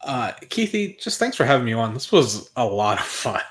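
A man's voice: medium pitch, big pitch swings, moderate pace, fairly bright tone. A man in his thirties, guest co-host on a podcast, telling stories in a rambling way with many fillers. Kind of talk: casual podcast chat.

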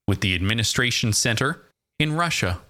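A man's voice: mid-range voice, lively intonation, normal speed, pushed and bright. A man hosting a casual podcast quiz, reading out facts in a dry, matter-of-fact way. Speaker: podcast host.

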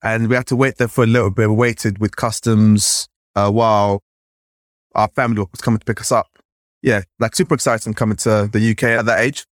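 As a podcast guest, a Nigerian man tells his story in conversation, animated, a little fast, and full of "like". His pitch jumps around as he acts out voices from memory, and the recording is dry and close with no room sound.

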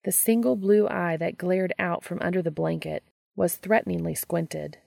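A woman reading a story aloud in a calm, steady manner. Her voice is deep and very gravelly, recorded dry with no room sound. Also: normal speed, no room sound. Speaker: narrator. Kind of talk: audiobook reading of fan fiction.

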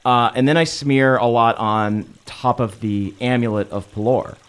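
A man's voice: medium pitch, steady tone, a little slow, clear, resonant tone. A man playing a tabletop game, easygoing and hedging his actions with likes. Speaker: player.

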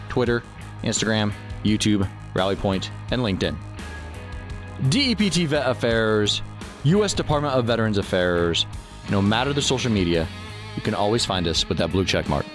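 A man hosting a podcast, reading a measured, scripted outro. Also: lowish voice. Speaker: podcast host. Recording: voice over guitar music.

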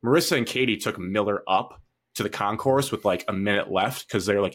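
A young man co-hosting a sports podcast, telling an animated story in casual chat, full of fillers. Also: on the low side, a little fast. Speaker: podcast co-host.

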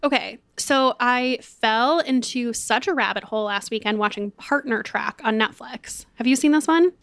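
A woman's voice: on the high side, normal speed, creaky, fairly bright tone, dry recording. A young woman co-hosting a podcast, chatting in an upbeat way with lots of casual fillers. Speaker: podcast co-host. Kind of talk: casual chat with ad read.

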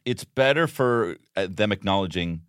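A man's voice: lowish voice, moderate pace, clean tone, no room sound, clean studio sound. A young Irish man co-hosting a podcast, telling stories with lots of acted-out quotes in a raised voice. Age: young adult. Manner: animated, acts out quotes in big raised voices. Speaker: podcast co-host. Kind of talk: casual comedic chat.

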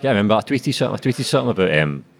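A man's voice: fairly low pitch, expressive, rapid-fire, gravelly. A young Scottish man with a Glasgow accent, a sweary author chatting casually on a podcast, rambling and tagging his points with "know what I mean". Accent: Scottish, Glasgow area. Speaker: author guest.

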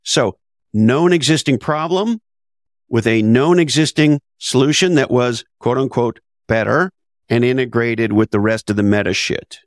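A man with a medium-pitched voice speaks at an unhurried pace in a clean studio recording with no room sound. He's a podcast guest, an author and business advisor, talking bluntly and emphatically in a conversational interview, tossing out rhetorical questions and casual swearing.

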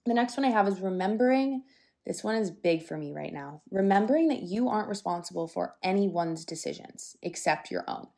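Young woman, solo podcast host, casual and candid, chatty, swears a little, slightly breathless, mid-pitched voice. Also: fairly quick, gravelly. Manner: lively, sometimes breathless.

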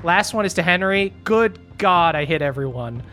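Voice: medium pitch, lively intonation, moderate pace, a bit bright, soft background music. Game master, tabletop narration, casual, laughs a lot, swears freely.

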